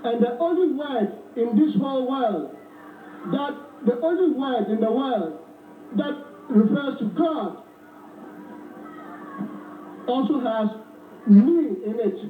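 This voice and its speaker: A man's voice: very high voice, expressive. A man with a Ghanaian accent giving a rally speech, repeating his phrases and leading the crowd in call and response. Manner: slow, preaching, repeats phrases and leads the crowd. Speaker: rally speaker. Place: outdoor rally. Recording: distant, roomy, tinny lo-fi recording with faint noise.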